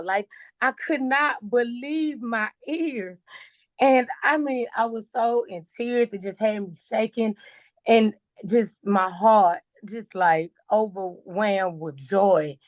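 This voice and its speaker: A woman's voice: a little high, slow pace, no room sound. A woman co-host speaks with fervent emphasis over a video call. The audio is dry and dull, with no room around her. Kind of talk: emotional testimonial on a group call.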